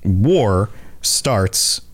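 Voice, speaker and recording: A man's voice: on the low side, lively intonation, drawn-out words. A man co-hosting a casual podcast, jokey and playful. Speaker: podcast co-host.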